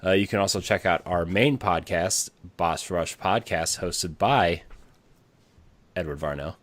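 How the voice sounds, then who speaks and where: A man's voice: deep voice, a little slow, a bit bright, no echo. A man hosting a casual podcast, talking loosely with lots of fillers and restarts. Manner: rambling with many fillers and restarts. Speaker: podcast host.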